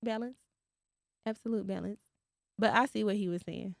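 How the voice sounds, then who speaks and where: A woman podcast host, telling a story in casual chat and quoting others in a lowered voice. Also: moderate pace, gravelly, dry recording, studio quality.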